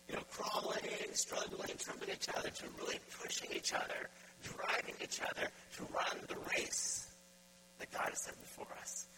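A man preaching a sermon as pastor, putting direct, repeated questions to his congregation. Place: church. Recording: loud background noise.

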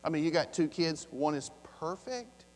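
A high-pitched man preaches a sermon in a large church hall, his voice trailing off into a long reverb. He swings from loud, driven emphasis to soft, hushed lines and acts out the voices of the story's characters. A low mains hum sits under the recording. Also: lively intonation, moderate pace. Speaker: pastor.

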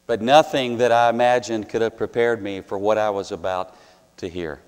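A man preaching a sermon, telling a story earnestly with dramatic pauses and rising to louder passages. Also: lowish voice, steady tone, smooth. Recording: long hall reverb.

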